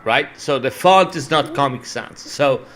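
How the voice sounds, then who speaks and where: A man chatting as a stream guest, halting at first, then swearing for emphasis. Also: mid-range voice, a bit bright. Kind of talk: casual chat.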